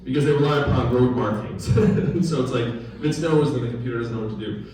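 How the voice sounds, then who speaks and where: A man's voice: mid-range voice, a little fast, mellow, far from the mic, slight background noise. A man addresses a crowd at a town hall in a loose, conversational way, throwing questions at the listeners. He is heard from well across a very echoey room, with a faint murmur of the space behind him. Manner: conversational, quizzes the audience. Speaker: political candidate. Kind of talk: town hall campaign speech. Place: large echoey room at a political gathering. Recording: very echoey room recorded from afar.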